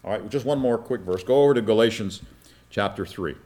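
A man's voice: fairly low pitch, a little fast, darkish tone. A pastor preaching a teaching sermon, asking his congregation questions and checking that they follow with "all right?".

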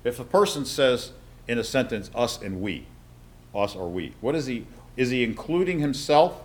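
A man with a mid-range voice teaching a Bible study to a group. He talks in a plain, conversational way and reads the text aloud, pausing often to explain and to check that his listeners follow. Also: medium pitch, expressive. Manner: reads scripture aloud with frequent asides.

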